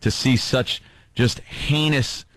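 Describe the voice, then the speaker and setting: A man's voice: mid-range voice, steady tone, takes it slowly, a bit bright. A man hosting a casual chat, talking in a rambling, hesitant way with many fillers. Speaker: host.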